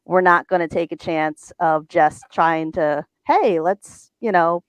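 A woman's voice: on the low side, slow pace, clean tone, no room sound. A woman on a talk show as a guest from a race team, telling a story and often stammering and repeating words.

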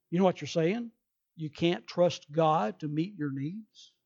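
A man's voice: high-pitched, brisk, darkish tone, dull audio. A male pastor preaching a sermon emphatically, acting out people's excuses in quoted voices.

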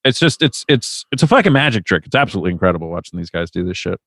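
A man's voice: deep voice, sing-song, rapid-fire, fairly bright tone, no echo. A man hosting a casual podcast, animatedly recapping events with profane, storytelling energy. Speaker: podcast host.

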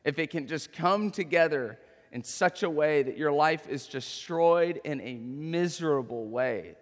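A man's voice: a little high, unhurried, long reverb tail. A man in his thirties preaching a sermon as a pastor, conversational, tossing in tag questions and stories from home.

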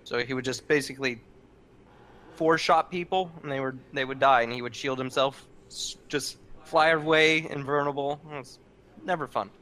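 Teasing bright-voiced Arizonan man. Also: medium pitch, normal speed. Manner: teasing, animated storyteller. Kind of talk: casual gaming chat.

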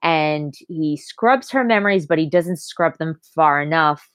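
Low-voiced woman retelling a story. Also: unhurried, dry recording. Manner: lively retelling of plot, acting out characters. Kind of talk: casual book discussion.

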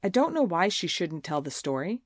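Storybook figure: woman reading a stern, blunt teen schoolgirl, cold and clipped, slightly raised pitch. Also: big pitch swings, normal speed, dry recording, studio quality. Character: cool, blunt teenage schoolgirl.

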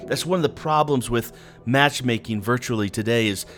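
A man's voice: mid-range voice, normal speed, a bit bright, soft background music. A man giving an earnest, conversational devotional talk, speaking directly to the listener.

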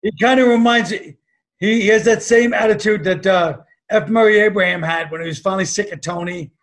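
A man guest on a comedy podcast, telling stories in a dry, deadpan way with wry jabs. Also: high voice, fairly quick.

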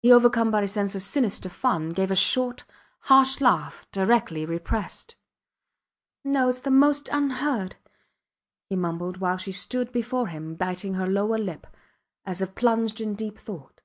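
A woman narrating a classic novel as an audiobook, pacing the prose evenly. Her voice sits in a middling pitch, and she lifts it for the quoted exchanges. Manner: measured storytelling, raising her voice for quoted dialogue. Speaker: audiobook reader.

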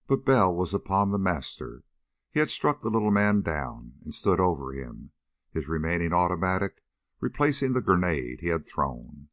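A man narrating an audiobook of an adventure novel in a steady, expressive reading. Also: deep voice, vocal fry, no echo, clean studio sound. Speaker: audiobook reader.

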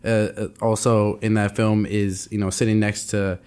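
A man's voice: on the low side, normal speed, smooth. A young man co-hosting a casual podcast chat, telling work stories and acting out the people in them. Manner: animated storyteller, acts out quotes. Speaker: podcast co-host.

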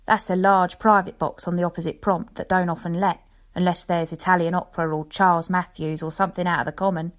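A woman voicing a lion tamer's fond young wife, fussing and excitable, as in a storybook reading. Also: lowish voice, a little fast, close to an everyday voice. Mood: fretful.

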